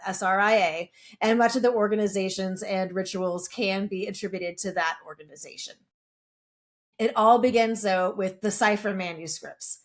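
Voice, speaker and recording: A middle-aged woman co-hosting a podcast, chatting casually and reading a history segment, with jokey asides and casual swearing. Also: mid-range voice. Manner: swears casually, jokes about herself. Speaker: podcast co-host. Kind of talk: casual chat and read lore segment.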